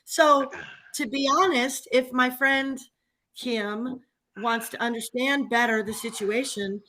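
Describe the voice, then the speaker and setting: A woman talks in a loose, animated way, venting about her day and laughing often. Her voice sits a bit high and sounds bright and forceful. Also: slow, a little hiss or hum. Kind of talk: casual chat.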